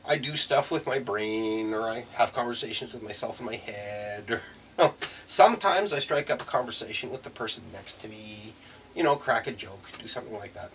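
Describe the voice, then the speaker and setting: A man's voice: medium pitch, a little fast, fairly bright tone. A man talking casually to camera in a reflective vlog, rambling and correcting himself with frequent chuckles. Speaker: vlogger. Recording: mic a bit far, faint room noise.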